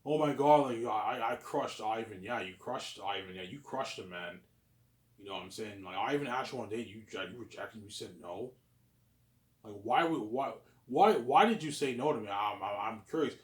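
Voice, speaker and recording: A man vlogging in a casual monologue, answering his own questions in a rambling, repetitive way with stammered restarts, jumping between loud bursts and low mutters. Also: expressive, moderate pace.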